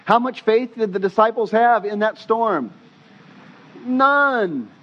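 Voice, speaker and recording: A man preaching a sermon as pastor, telling stories with animated, casual delivery and slang. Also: high voice, slow pace, highs cut off.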